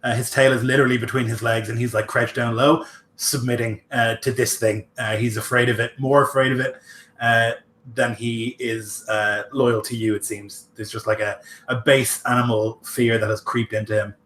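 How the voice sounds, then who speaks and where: A man's voice: medium pitch, flat delivery, moderate pace, fairly bright tone, roomy sound, a little hiss or hum. Man running a gory tabletop game. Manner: loose, filler-heavy narration with gory detail. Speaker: game master.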